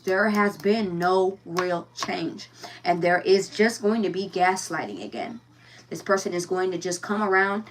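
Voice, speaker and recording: A woman's voice: medium pitch, distant mic, slight background noise. A woman giving a casual tarot reading, blunt and profane, firing rhetorical questions and repeating herself. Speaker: tarot reader.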